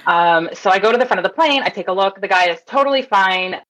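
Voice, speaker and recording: A woman in her thirties from Toronto, a nurse telling a lively story as a guest in a casual interview, acting out the people she quotes. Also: medium pitch, quick pace, highs cut off. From Toronto, Canada. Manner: animated storyteller, acts out quotes.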